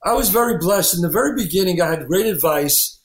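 A man, an actor and writer, telling animated anecdotes in an interview, acting out the people he quotes. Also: high voice, a little fast, reverberant. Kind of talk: storytelling interview.

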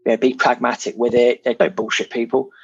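A man's voice: medium pitch, flat delivery, fast talker, creaky, breathy edge, no room sound, dull audio. A man from England chatting casually as a property investor guest, frank and self-deprecating, with plenty of fillers. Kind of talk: casual podcast chat.

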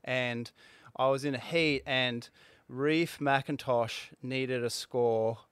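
A man in his forties tells a story in a casual interview, halting and restarting as he goes. His voice is smooth and clear, at a middle pitch. The recording is close and dry. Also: steady tone, fairly bright tone, dry recording. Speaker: guest, former pro surfer.

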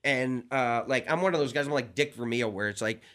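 A man, a stand-up comedian, telling a story in casual talk, animated and laughing often as he goes. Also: medium pitch, fairly quick.

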